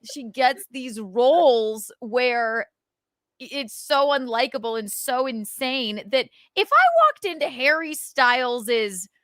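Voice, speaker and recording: A woman's voice: high-pitched, dry recording. Woman host ranting on a live stream, acts out scenes, swears a lot, dry close sound. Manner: animated, swearing, acting out scenes with quick voices. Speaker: podcast host. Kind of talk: casual live-stream chat.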